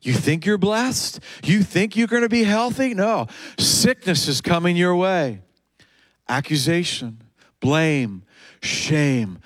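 A man's voice: high voice, animated, slow pace, exaggerated voice. A man voicing a mocking male accuser who taunts and jeers in a raised, sneering voice during a sermon. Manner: sneering, jeering, rising taunts.

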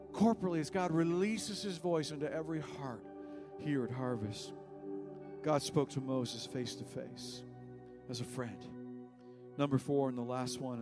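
A male pastor preaches to his church, his voice sitting a touch high. He swings from quiet, intimate passages to raised, fervent appeals. Faint music plays beneath him. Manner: impassioned, swings from hushed to raised. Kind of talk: sermon. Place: church service.

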